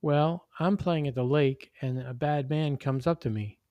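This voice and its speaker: A man's voice: a little high, measured pace, mellow, no room sound, muffled recording, lightly acted. A man voicing a small boy carefully explaining his drawing in a read-aloud story. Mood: earnest.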